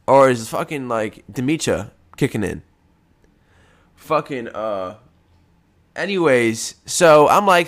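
A man's voice: fairly high pitch, sing-song, moderate pace, fairly bright tone. A man hosting a casual solo podcast from home, talking in a rambling, profane, laid-back way, a bit congested from post-nasal drip. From United States. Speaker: podcast host.

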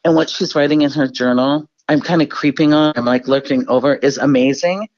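A woman's voice: low-pitched, brisk, a little mellow. Candid woman telling stories, muffled. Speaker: guest speaker. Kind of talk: storytelling interview answer.

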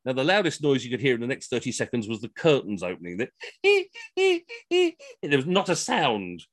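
Male comic storyteller, chatty, with a lively voice that swings up and down; dry sound, no room echo. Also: mid-range voice, moderate pace. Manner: lively, chatty, acts out the people he quotes. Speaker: costumed entertainer. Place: at home on a video call.

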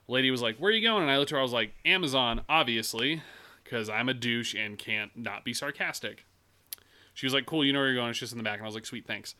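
Young man, very bright tone, casual podcast chat, sarcastic storyteller who swears a lot. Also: mid-range voice. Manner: rambling, profane, sarcastic storytelling.

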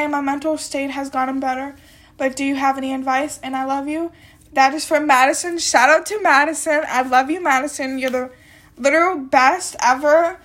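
Young woman, high voice, rambling podcast chat, slight cold, lots of "like". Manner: rambling, chatty, heavy use of "like" and "um". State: has a little cold. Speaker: podcast host. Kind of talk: casual solo podcast talk.

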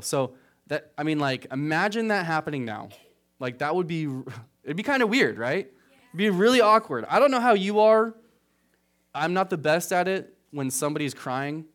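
A man preaching a casual, conversational sermon as pastor, often checking in with "right?", getting animated on asides and dropping quiet on serious points. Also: clean tone. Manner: conversational, keeps asking "right?"; rises animated at asides, drops low on solemn points.

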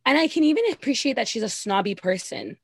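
A woman's voice: on the high side, lively intonation, fast talker, husky, no room sound. A woman co-hosting a casual podcast, giving sassy, candid and profane opinions on a reality show. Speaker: podcast co-host recapping reality TV. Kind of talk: casual chat.

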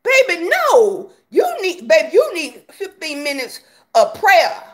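A woman's voice: sits high, sing-song, a little slow. A woman vlogger giving sassy, laughing gossip commentary, calling viewers honey and baby.

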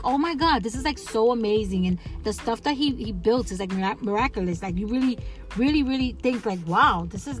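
A woman hosting a casual solo podcast, chatting in a rambling way with lots of fillers, restarts and laughs. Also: mid-range voice. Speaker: podcast host.

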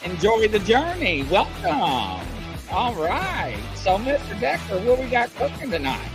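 A man co-hosting a casual talk show, telling a rambling, animated story. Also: high voice, measured pace, music in the background. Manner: animated, rambling storyteller who acts out voices. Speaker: co-host.

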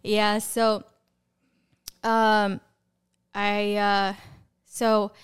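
A young woman telling her faith testimony as a podcast guest, in a casual, animated way, acting out the voices she remembers and laughing often. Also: medium pitch, drawn-out words, clear, resonant tone. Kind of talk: personal testimony in casual conversation.

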